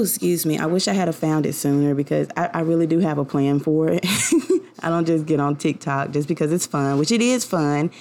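Low, gravelly-voiced woman podcaster. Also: mellow. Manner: rambling and heartfelt, many fillers. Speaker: podcast host. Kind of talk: casual personal podcast monologue.

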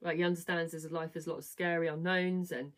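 Rambling woman host, casual chat, slightly low voice. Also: fairly even intonation, fast. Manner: chatty, rambling, self-correcting, asks "right?" often. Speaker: live stream host. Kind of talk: casual chat retelling a book.

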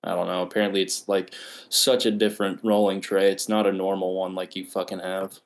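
Young man, low voice, joking podcast co-host, casual banter. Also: flat delivery, fairly quick. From Australia. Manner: joking, teasing, laughs often.

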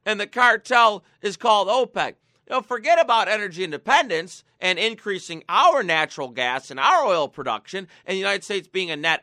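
A man's voice: high-pitched, bright, forceful tone, no room sound, studio quality. A man hosting a political talk show, ranting sarcastically and mocking his targets. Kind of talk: political commentary.

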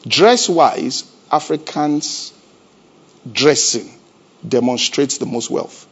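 A man preaching a sermon as pastor. He keeps asking the congregation rhetorical questions and swings between loud emphasis and a low, conversational tone. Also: lively intonation, slow pace, breathy edge. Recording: dull lo-fi church recording.

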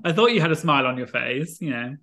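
A man's voice: a little high, animated, quick pace, pushed and bright. A man interviewing a guest for his channel, chatty and enthusiastic with his questions. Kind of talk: casual interview chat.

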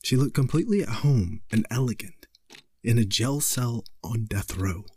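A man narrating a horror story in a slow, measured way. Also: medium pitch, lively intonation, a little mellow, a little hiss or hum.

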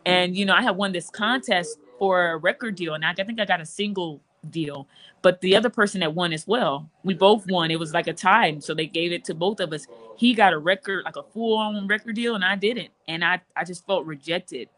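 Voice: mid-range voice, fairly quick, a bit bright. A gospel singer guest telling a personal testimony in conversation, earnest and emotional, with frequent restarts.

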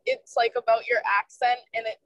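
A woman's voice: on the high side, little pitch movement, normal speed, fairly bright tone, poor audio. A young woman from Maine with a Maine accent, chatting animatedly with friends. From Maine, USA. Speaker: student in group chat. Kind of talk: casual group chat.

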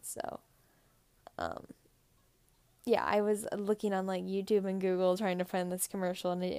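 Giggly teen girl with a gravelly edge. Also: medium pitch, a little mellow, no room sound, clean studio sound. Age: teens. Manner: rambling, giggly, lots of "like". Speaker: podcast co-host. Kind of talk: casual solo podcast chat.

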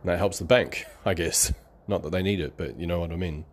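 A man with a deep voice gives a rambling, conversational motivational monologue about beliefs around money, tossing in some sarcasm and quick laughs.

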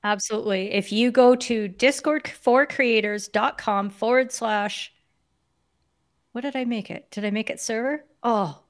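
A woman's voice: on the high side, unhurried. A woman guest on a live stream, talking casually and encouragingly about building online communities. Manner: earnest, encouraging, chatty. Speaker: guest, Discord consultant for creators.

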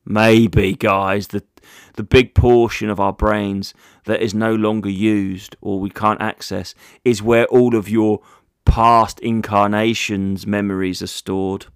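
A man's voice: fairly low pitch, flat delivery, slow, clean tone, no room sound, clean studio sound. A man, a comedian hosting a casual solo podcast, rambling through jokey stories with plenty of swearing.

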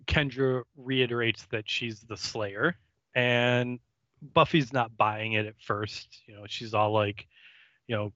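A man co-hosting a podcast, recapping an episode in a relaxed, halting way with fillers. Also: medium pitch, dry recording, highs cut off. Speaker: podcast co-host. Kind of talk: casual recap chat.

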